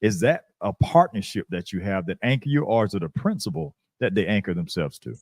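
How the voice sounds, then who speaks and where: A man with a very low voice hosts an interview, asking long, earnest questions and answering with admiring murmurs. His sound is dry and close, with no room in it. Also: expressive, brisk, darkish tone, dry recording. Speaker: podcast host.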